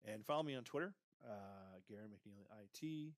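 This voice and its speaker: A man's voice: fairly low pitch, expressive, normal speed, dry recording, studio quality. A man hosting a motivational career podcast, coaching the listener and tagging lines with "right?" and "okay?". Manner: pep-talk, repeats "right?" and "okay?", guides listener.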